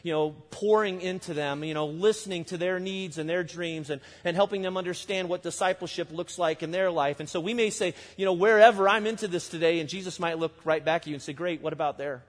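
A man's voice: on the high side, steady tone, fairly quick, few pauses. A man preaching a sermon as pastor, in a conversational way full of "you know" and "I mean". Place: church. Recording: long reverb of a church hall.

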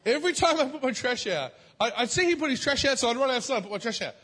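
A male preacher tells a story from the pulpit in an animated way, with his voice jumping up loud and high before falling back to a soft murmur. His voice carries the long, ringing reverb of a large church hall. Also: fast talker, slightly rough. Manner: animated, swings from loud high exclamations to soft low asides. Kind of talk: storytelling sermon.

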